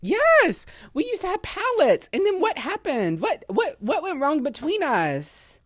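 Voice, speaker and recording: A man's voice: very high-pitched, huge pitch swings, fairly bright tone, no echo, clean studio sound. A young man hosting a podcast, chatty and teasing in casual talk with his sister. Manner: chatty, teasing, quick restarts. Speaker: podcast host. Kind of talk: casual chat.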